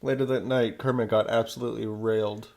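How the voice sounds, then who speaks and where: A man's voice: fairly low pitch, level tone, fairly quick, creaky, a little mellow. A man co-hosting a casual podcast chat, playful and joking, now and then breaking into silly voices. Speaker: podcast co-host.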